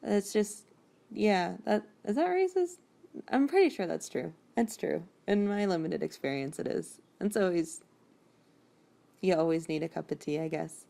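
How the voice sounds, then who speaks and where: A woman's voice: fairly low pitch, animated, normal speed, creaky, warm tone. A woman hosting a podcast, casually recapping a book in a chatty, rambling way. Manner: chatty, rambling, with frequent fillers and laughs. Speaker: podcast host recapping a novel. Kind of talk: casual chat.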